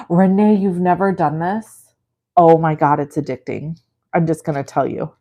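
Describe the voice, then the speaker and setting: A woman's voice: deep voice, fairly even intonation, normal speed, warm tone. A woman in her forties hosting a live crafting demo, talking in a chatty, rambling, self-deprecating way. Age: 40s. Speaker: craft livestream host.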